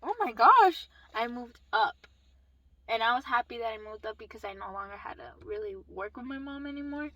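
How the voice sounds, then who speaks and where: A young woman telling a personal story in a casual vlog, swearing and animated. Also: a little high, brisk, low-quality recording. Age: young adult. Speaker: vlogger.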